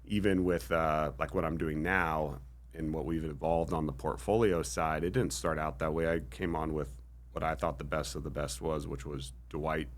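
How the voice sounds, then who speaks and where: A man's voice: very deep voice, fairly even intonation, normal speed, a little hiss or hum. A man being interviewed on a podcast, speaking modestly and thoughtfully with frequent ums. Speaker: interview guest. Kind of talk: casual interview chat.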